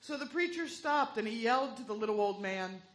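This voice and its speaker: A woman's voice: on the high side, lively intonation, fairly quick. A woman leading part of a church service. She tells a story-style joke with an easy narrating rhythm and then moves into matter-of-fact offering announcements. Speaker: worship leader.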